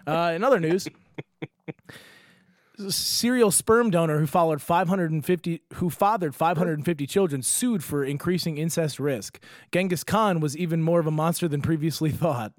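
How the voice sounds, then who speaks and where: Young man, comedy podcast co-host, slightly high voice, rambling, laughing, swearing, dry close sound. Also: normal speed, no echo. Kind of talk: casual comedic chat.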